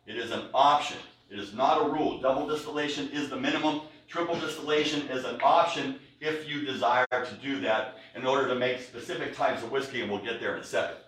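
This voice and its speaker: A man's voice: mid-range voice, fairly quick, few pauses, a bit bright. Man, whiskey tasting talk, chatty, jokey asides, very echoey room, mic at a distance. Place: room with a live audience. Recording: echoey room, recorded from afar.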